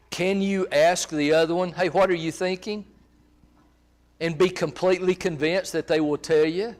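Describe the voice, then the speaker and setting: A man presenting a marriage seminar in a church, talking conversationally and checking in with his audience. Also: a little high. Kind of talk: teaching a seminar.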